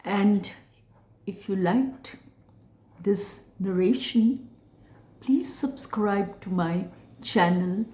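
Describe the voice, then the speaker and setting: A middle-aged woman telling a personal story in a slow, hushed way that sometimes drops to a whisper. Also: mid-range voice. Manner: hushed, dropping at times to a whisper. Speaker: channel host telling her own story. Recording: roomy echo.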